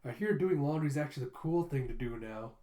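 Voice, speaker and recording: A reader voicing goofy schoolboy sidekicks in a raised, loud, shrill voice in a roomy-sounding recording. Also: expressive, fast talker, natural voice. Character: goofy male schoolboy flunkies, loud and panicky. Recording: roomy echo.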